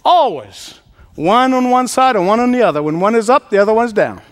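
A man's voice: high voice, expressive, brisk. A man preacher giving a sermon, emphatic, repeating key phrases and laughing often.

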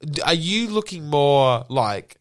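A man's voice: a little high, big pitch swings, slow pace. A man co-hosting a podcast, teasing and laughing in casual chat. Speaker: podcast co-host.

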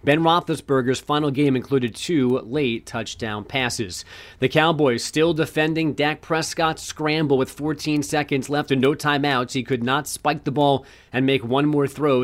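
A man reading sports headlines on a talk show, delivering them briskly with wry asides. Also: mid-range voice, fairly even intonation. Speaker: sports news anchor.

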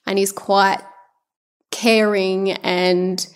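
Woman, young adult, podcast guest, casual chat, talkative, lots of fillers, mid pitch. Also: little pitch movement, very slow. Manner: chatty, loose with many fillers like "like".

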